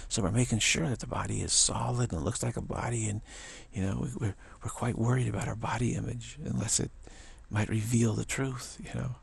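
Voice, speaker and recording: A man giving a spiritual talk who speaks haltingly, stammers and repeats words, and chuckles at his own points. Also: mid-range voice, steady tone, vocal fry, breathy edge, no room sound. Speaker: spiritual teacher.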